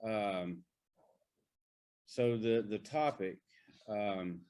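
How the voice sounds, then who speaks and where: A man nervously starting his share at a recovery workshop, hesitant and halting, with many fillers. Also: fairly low pitch, a little mellow, clean tone. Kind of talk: personal share.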